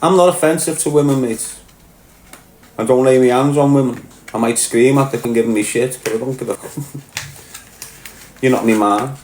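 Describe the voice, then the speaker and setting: Speaking at a moderate pace with long pauses, this Liverpudlian livestream host has a mid-range, darkish voice. He reads chat aloud in a blunt, sweary, casual rant, over a faint hiss or hum and a roomy echo.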